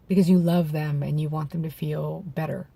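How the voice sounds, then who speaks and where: A man with a gravelly voice worn by vocal nodes, a bit hoarse from throat clearing, talking candidly to camera outdoors in a reflective, halting way. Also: fairly high pitch, level tone, dark tone. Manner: reflective and halting, with restarts and self-corrections. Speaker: vlogger. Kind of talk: candid personal talk to camera. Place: outdoors in bright daylight.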